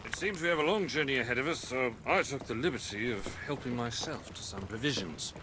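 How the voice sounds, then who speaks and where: A man's voice: medium pitch, animated, brisk, noisy background, lightly acted. An actor playing a roguish, swaggering male pirate captain in a game, talking in a theatrical, slurring, wry way. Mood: breezy. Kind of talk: game character dialogue.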